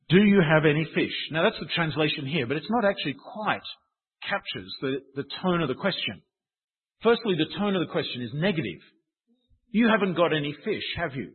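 Man, sermon, conversational and wry, husky voice, tinny phone-like sound. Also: on the high side. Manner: conversational, wry and self-deprecating. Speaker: preacher.

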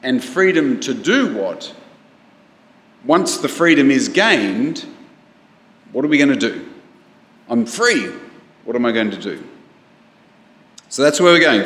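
Slow-spoken preacher in an echoey hall. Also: male voice, medium pitch, big pitch swings, a bit bright. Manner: conversational, asks the congregation questions. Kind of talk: sermon. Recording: echoey hall, live stream.

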